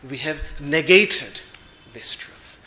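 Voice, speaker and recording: A man giving a spiritual discourse as a Vedanta teacher, slow and measured, pausing to search for words as he explains. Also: fairly high pitch, lively intonation, bright, forceful tone, echoey room, slight background noise.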